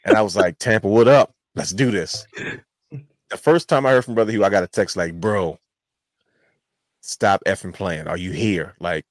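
A man's voice: fairly low pitch, normal speed, pauses often, dry recording. A man hosting a wrestling podcast, telling a long rambling story in casual chat. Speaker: podcast host.

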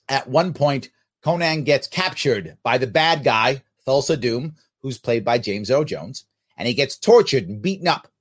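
A man hosting a podcast, delivering mocking, sarcastic political commentary. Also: medium pitch. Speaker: podcast host.

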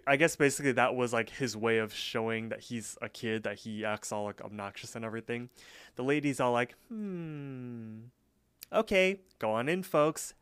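Smooth-voiced man recapping casually. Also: medium pitch, a bit bright, dry recording. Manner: loose, filler-heavy retelling with quick voice impressions. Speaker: podcast co-host.

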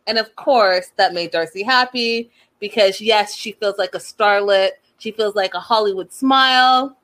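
A woman casually recapping a reality show in a sassy, chatty way, full of quick slangy asides. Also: mid-range voice, fairly bright tone.

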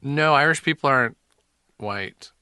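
A man's voice: mid-range voice, unhurried, pushed and bright, clean tone, no room sound, studio quality. A man co-hosting a casual comedy chat, joking loosely and improvising while playing guitar. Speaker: co-host, guitarist.

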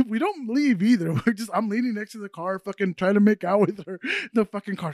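Brief: man, high voice, crude profane podcast storyteller, dry close mic. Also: moderate pace, a little mellow, no room sound. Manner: swears constantly, laughs while telling stories. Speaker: podcast co-host.

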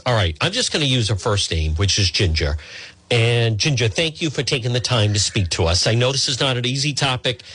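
A man's voice: medium pitch, slightly rough, no echo. Earnest man hosting, dry close sound. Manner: earnest, gently hesitant, repeats and corrects himself. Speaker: host. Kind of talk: talk show with caller.

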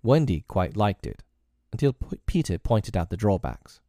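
A man narrating a classic children's novel aloud in a measured storytelling manner. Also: on the low side, very animated, dark tone, dry recording, studio quality.

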